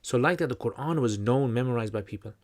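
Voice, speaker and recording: A man's voice: mid-range voice, fast talker, darkish tone. A man hosting a livestream Q&A, teaching in a loose, conversational way, full of fillers and restarts. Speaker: channel host answering questions.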